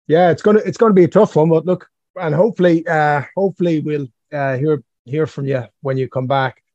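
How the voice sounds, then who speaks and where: A man hosting a casual interview, with a slightly high voice. The sound is dead dry and a bit muffled. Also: brisk, darkish tone, no room sound. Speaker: podcast host.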